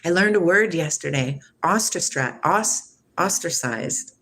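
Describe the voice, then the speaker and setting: A woman in her forties from Washington state talks unhurriedly in a lowish voice. She muses reflectively on spiritual ideas and answers her livestream chat, often laughing as she goes. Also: animated, takes it slowly, fairly bright tone. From Washington state, USA. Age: 40s. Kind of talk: casual spiritual musing.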